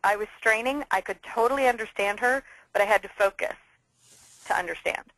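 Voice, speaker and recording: A woman hosting a casual business interview, enthusiastic and talking in quick bursts. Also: medium pitch, a bit bright, dry recording, poor audio. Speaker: interview host.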